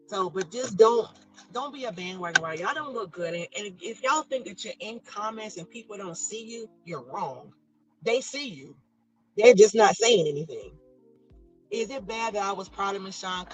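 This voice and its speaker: Bright-voiced chatty woman. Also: mid-range voice, poor audio. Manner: chatty, laughing, pronounces every syllable. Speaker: livestream host reading chat. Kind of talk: casual chat.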